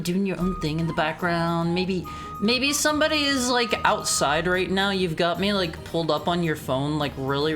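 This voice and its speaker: A woman streaming casually, chatting with her audience in a playful, rambling way full of stammered restarts. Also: low voice. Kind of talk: casual live-stream chat.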